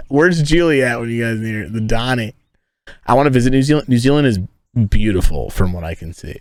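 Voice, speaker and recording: A man from the United States chats with his stream's viewers from inside a tent, joking around, cursing a lot, and wandering from topic to topic. He talks a little fast with lively intonation in a mid-range voice, and there's no room sound.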